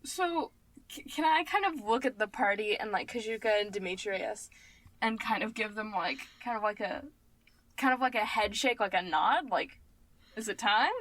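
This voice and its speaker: A woman's voice: mid-range voice, lively intonation, normal speed, fairly bright tone, no room sound, low-quality recording. A woman playing a tabletop game, asking questions in a hesitant, casual way. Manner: hesitant, asks many questions. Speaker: player.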